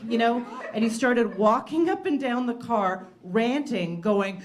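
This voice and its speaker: A woman telling a stand-up story with wry, deadpan asides. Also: a little high, unhurried, hardly any pauses. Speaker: stand-up comedian. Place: comedy stage before a live audience. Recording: live crowd laughter behind.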